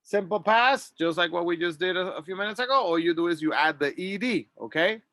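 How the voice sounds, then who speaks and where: A man teaching an English grammar lesson, reading model sentences slowly and clearly for students to repeat. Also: sits high, pushed and bright, no room sound. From Latin America. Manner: slow, drawn-out model sentences.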